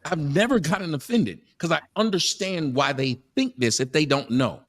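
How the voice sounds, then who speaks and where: A man's voice: fairly high pitch, lively intonation, moderate pace, fairly bright tone. Frank man panelist speaking his mind. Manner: frank, explains his view at length. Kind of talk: casual chat.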